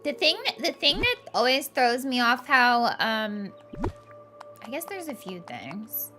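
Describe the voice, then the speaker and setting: A young woman talks through a cozy game stream in a bright, clear voice pitched a little high. Her delivery is playful, loose and unhurried, with frequent laughs, and soft music plays under her. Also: very animated. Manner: chatty and playful, laughing often. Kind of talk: casual gaming live-stream chat.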